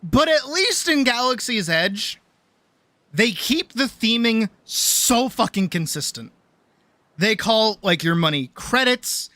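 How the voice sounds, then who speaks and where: A young adult woman streamer telling a story in a casual, animated rant, swearing often and full of fillers. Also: a little high, slow pace, no echo.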